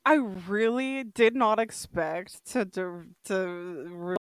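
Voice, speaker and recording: A woman's voice: medium pitch, slow, no echo. A woman streamer chatting casually while gaming, laughing often and joking about herself. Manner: laughs often, self-deprecating.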